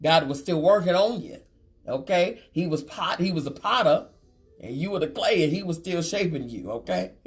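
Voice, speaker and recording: With a deep voice, this talk show host runs a live chat program, reading out what viewers have written in a sassy, animated manner and laughing often.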